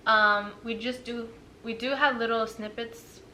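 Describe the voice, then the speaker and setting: A woman's voice: fairly high pitch, measured pace, a little hiss or hum. A young woman casually retelling a story, full of fillers and quoted dialogue. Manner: filler-heavy, animated retelling.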